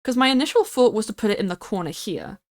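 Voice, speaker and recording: A woman's voice: fairly high pitch, lively intonation, fast. A young woman from the United Kingdom, a streamer chatting casually and rambling while she builds in a game, often giggling and swearing.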